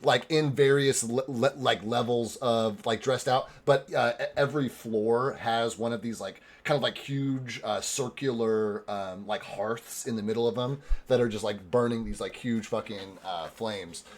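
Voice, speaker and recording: A man narrates a tabletop game as its game master. He talks loosely, with many fillers and offhand swearing. His voice sits at an ordinary middle pitch. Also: unhurried, hardly any pauses. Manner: rambling, filler-heavy, swears casually, laughs a lot.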